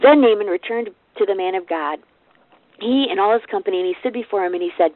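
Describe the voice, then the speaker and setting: A woman's voice: medium pitch, quick pace, no echo. A woman giving an informal devotional to a business team, retelling a Bible story in a casual, conversational way with offhand asides. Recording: tinny phone-like, dry sound.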